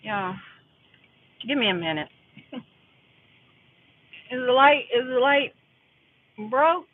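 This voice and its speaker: A woman's voice: high-pitched, expressive, slow pace. A woman chatting casually to her viewers while driving home, rambling and calling them y'all. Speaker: vlogger live-streaming while driving. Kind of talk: casual live-stream chat. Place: inside a car. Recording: tinny phone-like audio with car noise.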